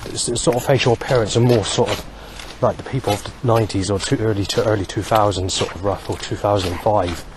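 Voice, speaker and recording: A man talking alone to camera in a rambling monologue, halting often to search for words. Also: lowish voice, steady tone, background noise. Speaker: vlogger.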